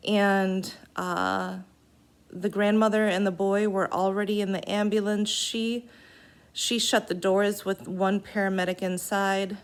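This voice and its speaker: A woman recounting a personal event in an unscripted way, halting and earnest, with pauses. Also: medium pitch, little pitch movement, clear, resonant tone.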